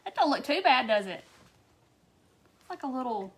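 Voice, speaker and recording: A woman from Wisconsin hosting a casual live-stream craft tutorial, chatting to viewers, answering their comments and muttering soft asides to herself as she works. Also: sits high, sing-song, normal speed.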